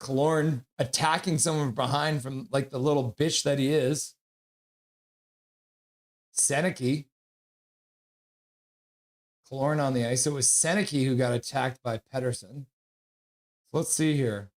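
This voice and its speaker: A man giving casual play-by-play on a live stream, excitably reading out viewers' chat messages. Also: medium pitch, unhurried, pauses often.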